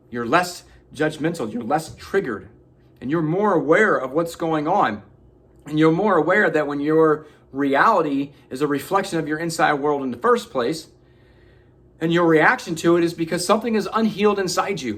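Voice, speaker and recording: Man, husky voice, a bit high, motivational vlog, earnest, casual swearing. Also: animated, moderate pace, a bit bright. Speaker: motivational vlogger. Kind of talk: motivational self-help talk.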